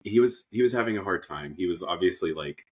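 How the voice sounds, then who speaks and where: Husky low-voiced man telling animated stories. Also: quick pace. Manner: animated storyteller who laughs often and acts out quotes. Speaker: podcast co-host and tattoo artist. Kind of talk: casual chat.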